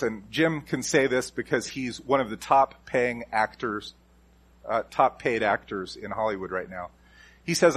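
Husky-voiced man preaching a sermon. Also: mid-range voice, fairly bright tone. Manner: emphatic, repeats key phrases with shifting stress. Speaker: pastor.

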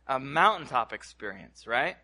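A man preaching to his congregation in a church, animated, repeating words and asking the room questions. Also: mid-range voice, normal speed. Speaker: pastor. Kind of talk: sermon. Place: church hall.

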